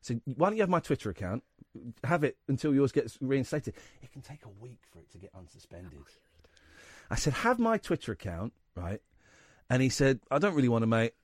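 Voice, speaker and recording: Animated man hosting radio. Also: mid-range voice, normal speed, breathy edge, no room sound. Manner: rambling, animated anecdote-telling with quoted voices. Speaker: radio show host. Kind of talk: casual radio chat, storytelling. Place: radio studio.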